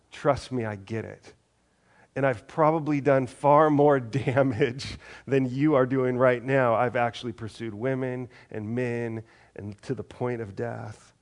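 Male preacher doing an earnest apostle pleading, mid-pitched, in an everyday voice. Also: lightly acted. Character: apostle Paul, earnest older man pleading.

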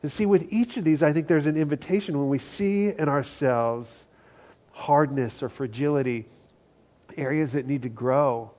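A man preaching a conversational sermon, acting out quoted voices and often dropping to a hushed tone. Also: a little high, moderate pace. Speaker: pastor. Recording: dull lo-fi sound.

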